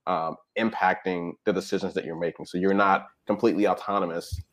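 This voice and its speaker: A man with a deep, low voice talks in a relaxed interview. He explains points step by step and keeps checking in with his listener as he goes. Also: brisk. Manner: explanatory, frequent "right?" and "you know". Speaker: guest expert on technology habits. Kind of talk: conversational interview talk.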